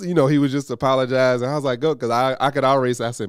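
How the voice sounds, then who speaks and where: Man, 30s, lively podcast co-host, expressive pitch, dry mic, playful storyteller. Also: racing, clean tone, no room sound. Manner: animated storyteller, acts out quoted voices. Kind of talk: casual chat.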